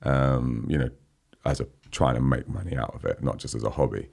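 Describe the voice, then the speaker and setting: A man in his forties with an extremely deep, gravelly, husky voice that's a little mellow talks fairly quickly. He's a guest musician chatting casually in a podcast studio interview, laughing often and repeatedly saying "you know what I mean."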